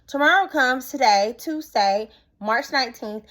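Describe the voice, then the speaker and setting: Young woman, fairly high voice, expressive, casual storytime vlog. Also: a little slow. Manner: expressive, talks straight to viewers as "y'all". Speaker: vlogger.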